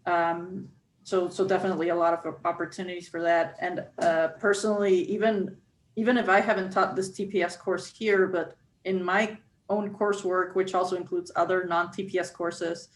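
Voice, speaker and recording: A woman's voice: on the low side, flat delivery, moderate pace, poor audio. A woman faculty member speaking on a panel discussion, explaining at length with frequent restarts and fillers.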